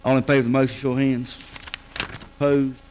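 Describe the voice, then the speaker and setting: A man chairing a county council meeting, calling motions and votes in a brisk procedural way. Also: medium pitch, flat delivery, a little mellow, a little hiss or hum, poor audio.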